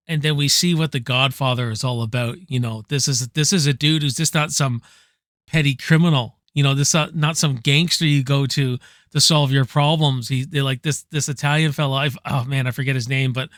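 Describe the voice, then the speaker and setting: Man, casual movie reviewer, excited rambling, swears a lot, higher bright voice, dry close mic. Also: normal speed, dry recording. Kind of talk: casual enthusiastic movie countdown.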